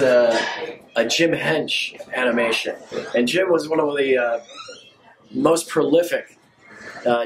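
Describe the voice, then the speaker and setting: A man's voice: mid-range voice, noisy background. A man leading a walking tour of a restaurant, presenting its history in a friendly way with frequent fillers. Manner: friendly guide, pauses with fillers.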